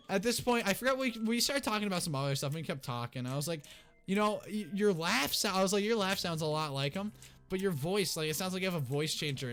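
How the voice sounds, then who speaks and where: Young man, high-pitched, excitable, rambling, casual storytime, soft background music. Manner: excitable, rambling, restarts often. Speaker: YouTuber.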